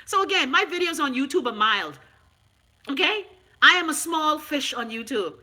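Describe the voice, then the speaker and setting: A woman's voice: high voice, animated, normal speed, pushed and bright. A middle-aged Bahamian woman ranting on her vlog, sarcastic, profane and emphatic. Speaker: vlogger. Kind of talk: unscripted vlog rant.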